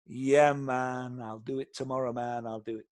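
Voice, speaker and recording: Man putting on a drowsy stoned tenant guy, low and mumbly, trails off quiet. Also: little pitch movement, normal speed, no echo, studio quality, natural voice. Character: stoned lazy male tenant, drowsy and agreeable.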